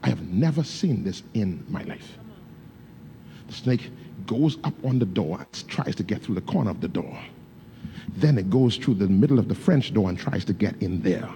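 A man's voice: lowish voice, animated, moderate pace, gravelly, dark tone, a little hiss or hum. A man preaching a sermon, with fervent delivery and loose, casual grammar. He tells stories, calls out to his congregation and breaks into speaking in tongues. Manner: storytelling with call-outs to the congregation. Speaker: pastor.

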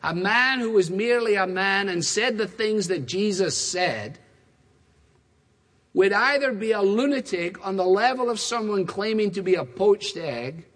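Guy preaching in a church, pretty high voice, lots of repeating for emphasis, big hall reverb. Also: expressive, a bit bright. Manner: emphatic, rhetorical repetition, quick asides. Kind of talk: sermon. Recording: long reverb of a large hall.

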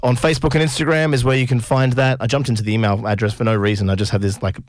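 A man's voice: medium pitch, steady tone, very fast, no echo. A man hosting a radio show, dry and teasing in casual chat. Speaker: radio host.

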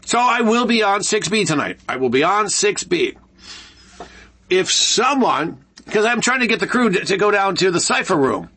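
A man hosting a talk show alone in a studio, ranting with animated sarcasm. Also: sits high, moderate pace, breathy edge. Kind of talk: solo ranting commentary.

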